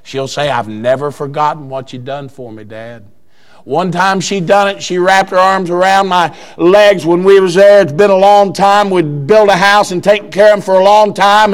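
An older man preaching a sermon, telling a story in a quiet voice that breaks into fervent shouting. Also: high voice, normal speed.

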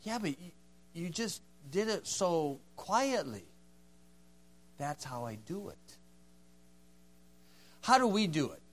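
A man preaching a folksy sermon, acting out dialogue and swinging from hushed tones to loud, forceful lines. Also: a little high.

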